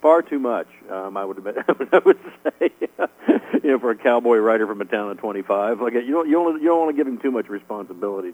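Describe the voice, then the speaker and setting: A man's voice: on the low side, narrow, tinny audio. A middle-aged man being interviewed as an author, rambling with lots of fillers and chuckling often. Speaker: author guest. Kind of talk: casual radio interview answers.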